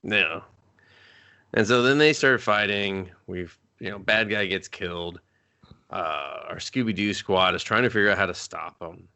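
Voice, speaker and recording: A bright, forceful man riffs through a movie recap in loose, profane chat. He rambles, gets excitable and acts out the characters' lines as he goes. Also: sits low, unhurried, clean tone. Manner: rambling, excitable, swears a lot, acts out quotes. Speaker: podcast co-host reviewing a movie.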